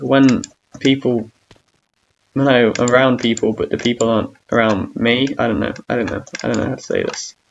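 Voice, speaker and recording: A young gamer rambles through his thoughts in a gravelly, mid-pitched voice, self-mocking about how awkward he is and drifting into hums between lines. The sound is dull and lo-fi, with faint keyboard clicks behind him. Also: a little hiss or hum. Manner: hums and sings between talk. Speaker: gamer streamer. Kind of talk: casual gaming commentary.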